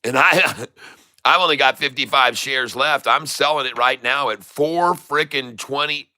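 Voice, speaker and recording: A middle-aged man hosting a day-trading channel, giving excitable, exclamatory live trading commentary with mild cursing. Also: mid-range voice, unhurried, no room sound.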